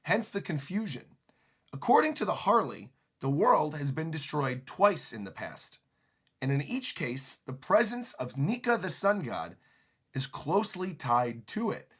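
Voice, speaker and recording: A man livestreaming his reaction to a manga chapter, giving excitable, animated commentary into a desk microphone. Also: on the high side, unhurried, husky.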